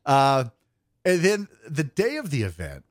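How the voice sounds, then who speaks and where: A young podcast co-host with a fairly high voice whose pitch swoops wildly speaks a little slowly in a clean, dry studio recording. He tells a long, rambling story in casual chat, acting out its characters with self-deprecating humor.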